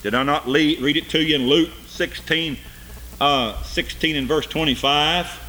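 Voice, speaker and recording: An older man delivers a sermon in a bright, forceful voice. He swings from loud, high cries down to low, quiet asides, and his voice sits a little higher than most men's. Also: a little slow, a little hiss or hum. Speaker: preacher.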